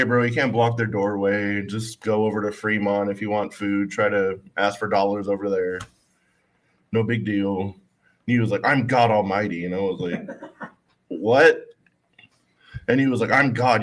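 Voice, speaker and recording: A man's voice: on the low side, fairly bright tone. A man co-hosting a podcast, telling a story in a laid-back way, full of "I was like" retellings. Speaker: podcast co-host. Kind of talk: casual storytelling.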